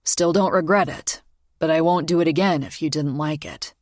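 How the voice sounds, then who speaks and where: A calm, gently teasing single father, low and unhurried, as a woman narrator voices him. He talks easy and warm with a wry edge. The audiobook sound is dry and close-miked. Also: no room sound, close to an everyday voice. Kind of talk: audiobook character voice.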